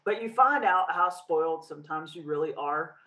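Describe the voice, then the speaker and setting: A woman's voice: low-pitched, expressive, moderate pace, crowd noise, poor audio. A woman co-hosting a casual chat, speaking in a reflective, searching way. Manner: reflective, many fillers and restarts. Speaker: podcast co-host.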